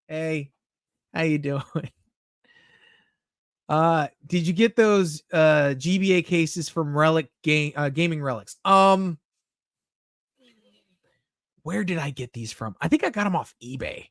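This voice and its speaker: A man's voice: a little high, animated, unhurried, long pauses, no echo. A young man chatting casually on a live stream, reading chat messages aloud and answering them candidly, swearing often.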